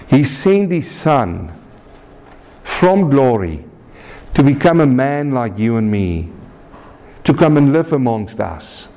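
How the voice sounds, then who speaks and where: A man from South Africa preaching a sermon, earnest and deliberate, rising to high shouts when telling a story.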